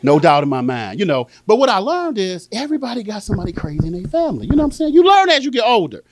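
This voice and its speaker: Animated, high-voiced man doing stand-up. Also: rapid-fire. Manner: animated storytelling, acting out family members. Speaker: stand-up comedian. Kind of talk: stand-up comedy set.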